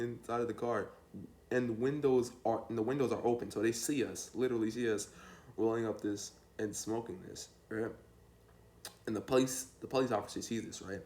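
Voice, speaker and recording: A man's voice: on the low side, normal speed, a little mellow. A young man telling a rambling, slangy story to his vlog viewers in a laid-back way. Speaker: storytime vlogger. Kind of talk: casual storytelling.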